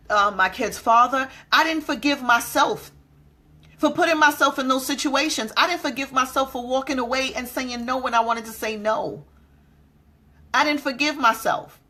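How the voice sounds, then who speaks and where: Bright, breathy-voiced woman speaker. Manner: emphatic, repeats key words slowly; acts out quoted voices with sudden pitch jumps. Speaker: motivational speaker. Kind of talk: motivational talk.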